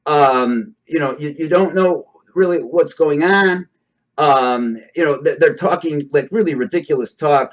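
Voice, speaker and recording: A man's voice: a little high, measured pace. A man casually explaining a topic to his audience, rambling a bit and checking in with listeners as he goes. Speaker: host explaining hypnosis. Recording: dull lo-fi recording.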